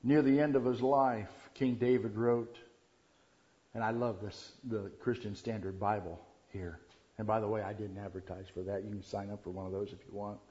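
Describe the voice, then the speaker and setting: A man preaching a Christmas sermon, shifting from quiet reverence to loud, animated storytelling. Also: fairly low pitch, moderate pace. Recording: dull lo-fi sound.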